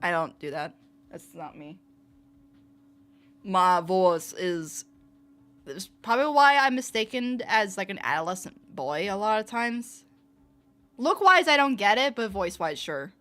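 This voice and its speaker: Giggly young woman streamer, lively. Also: normal speed. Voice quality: fairly low voice for a woman. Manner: giggly, playful, laughs often. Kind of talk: casual livestream chat reading comments.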